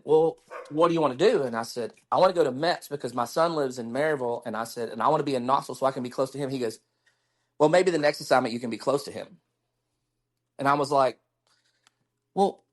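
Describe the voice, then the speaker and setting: A middle-aged man, candidly telling stories as a guest in a casual interview and acting out the dialogue he quotes. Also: medium pitch.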